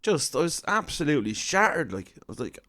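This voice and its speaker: A man's voice: on the high side, sing-song, a little fast, a bit bright. A man in his thirties with an Irish accent, telling a comic story in a wry, self-deprecating, conversational way. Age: 30s. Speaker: comedian storyteller.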